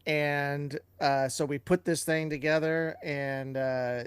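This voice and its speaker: Chatty man with a higher voice. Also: steady tone, slow pace, clear, resonant tone, dry recording. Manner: chatty anecdotes with filler and restarts. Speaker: co-host and TV producer. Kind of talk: casual live Q&A storytelling.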